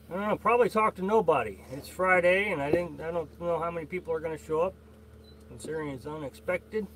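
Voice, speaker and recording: High-voiced man rambling on a live stream. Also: a bit bright. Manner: rambling, halting, with many fillers, greeting viewers by name. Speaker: livestream host. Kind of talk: casual live-stream chat reading viewer comments.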